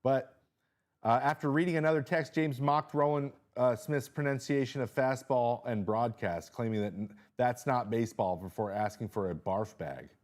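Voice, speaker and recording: A man hosting a casual live-stream chat from a small studio, animated, jumping high in pitch when he reacts, with lots of fillers and restarts. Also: normal speed. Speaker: host.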